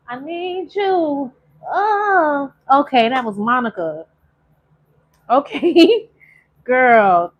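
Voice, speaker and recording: Chatty emotional tarot reader woman. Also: on the high side. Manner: chatty, emotional, drawn-out sung phrases. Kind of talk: casual spiritual reading to viewers.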